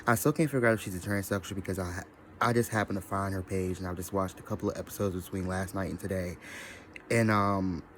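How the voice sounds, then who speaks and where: A man's voice: low-pitched, steady tone, fast talker, a bit bright, slight background noise. A man giving a scattered, profane, rambling commentary in a casual vlog. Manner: scattered, profane, mimics others in quoted voices. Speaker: social media commentator.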